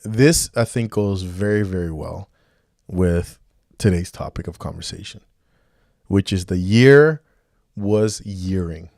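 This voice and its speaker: A man's voice: sits low, takes it slowly, creaky, darkish tone, dry recording, studio quality. A man co-hosting a casual podcast, rambling with many restarts and acting out quoted dialogue. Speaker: podcast co-host.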